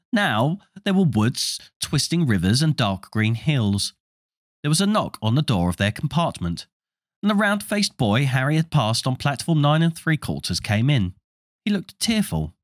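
Male audiobook narrator, animated storybook reading, dry booth sound. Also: medium pitch, dry recording. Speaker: audiobook reader.

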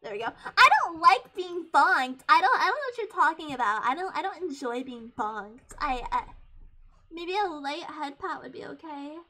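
A young woman in her twenties chatting casually on a live stream, giggly and hyper, getting loud when excited. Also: sits high, normal speed. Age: 20s.

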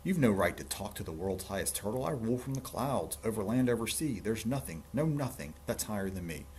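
Brief: grandiose bragging turtle king, read by a man, low voice, commanding. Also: expressive, brisk, darkish tone, slight background noise. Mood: triumphant. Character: boastful bossy male turtle king.

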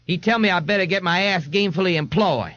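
A man's voice: sits high, a little fast, a bit bright, dry recording, pitched above the performer's own voice. A man voicing a laid-back, streetwise young man who talks in a casual, slangy drawl, recorded on dull lo-fi tape. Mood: nonchalant. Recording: dull lo-fi dry studio tape.

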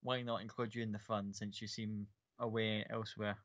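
A man's voice: on the low side, little pitch movement, moderate pace, a bit bright, slight background noise, voice pushed down, close to an everyday voice. A man playing a sly, polite tavern owner. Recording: muffled lo-fi recording.

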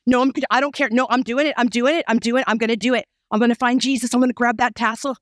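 A woman preacher voicing a desperate, ashamed woman who longs to be healed, speaking in a pleading hush. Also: on the high side, steady tone, quick pace, no room sound, clean studio sound, voice pushed down, lightly acted. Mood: determined.

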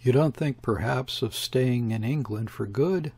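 A man voicing a calm, subdued shopkeeper's wife. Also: mid-range voice, a little slow, gravelly, slightly rough. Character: placid, incurious London shopkeeper's wife.

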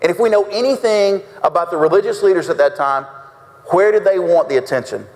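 A man's voice: high voice, brisk, darkish tone. A male pastor preaching a folksy sermon, acting out quotes with big swings in his voice. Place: church sanctuary. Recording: reverberant church sanctuary.

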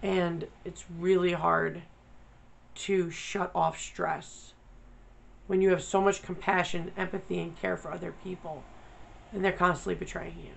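A woman's voice: lowish voice, level tone, measured pace, vocal fry, a little hiss or hum, poor audio. A woman vlogger talking candidly, blunt and profane, venting her frustration. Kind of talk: candid personal vlog.

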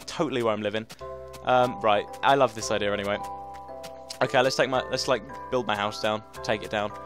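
A young man rambling excitedly through let's play commentary as he builds in a game, with lots of fillers. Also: on the low side, fairly quick, music in the background. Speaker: gaming host.

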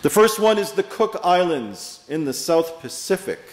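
A male pastor preaching a sermon, telling stories in a measured way with pauses and stressed words. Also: high-pitched, very animated. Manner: measured storytelling with pauses and emphasis. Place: church sanctuary. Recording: echoey hall with long reverb.

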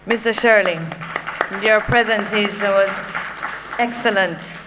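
A woman's voice: mid-range voice, steady tone, unhurried, crowd noise. A woman from Jamaica with a Jamaican accent, giving a conversational conference speech as a workshop presenter, with humorous personal asides. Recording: long hall reverb, faint hum.

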